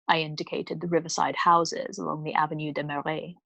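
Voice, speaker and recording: A woman storyteller reading a novel aloud in a calm, measured way. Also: deep voice, gravelly, no room sound. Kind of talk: bedtime book reading.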